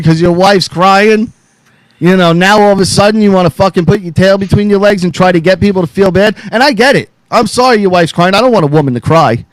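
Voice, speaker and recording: A man's voice: high voice, no room sound, low-quality recording. A man hosting a podcast, ranting angrily and swearing constantly, all worked up. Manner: profane, angry and fired up; calls out to co-hosts by name. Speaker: podcast host. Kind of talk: heated podcast rant.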